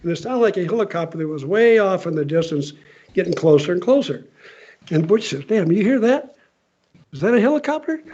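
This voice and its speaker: A man's voice: high-pitched, animated, brisk, dark tone. An older man reminiscing and chuckling through a story at a panel, in casual chat. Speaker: honored guest. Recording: dull lo-fi audio.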